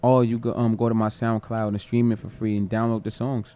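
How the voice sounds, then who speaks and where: A man, a rapper guest talking casually and giving shout-outs. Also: fairly low pitch, level tone, a little fast, clear, resonant tone, lo-fi sound. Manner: laid-back, promotional shout-outs. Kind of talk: casual interview talk.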